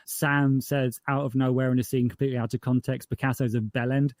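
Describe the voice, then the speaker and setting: A man's voice: mid-range voice, a little fast, dry recording, studio quality. A man from northern England, a podcast creator, talking casually in an interview, often restarting his sentences and livening up when he tells jokes. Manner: chatty, self-correcting, animated when telling jokes.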